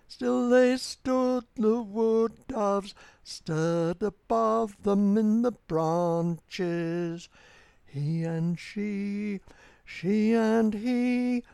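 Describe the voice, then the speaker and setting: A reader reciting a rhyming verse tale in a lilting, rhythmic, unhurried manner. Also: mid-range voice, creaky, mellow, clear, resonant tone, no echo.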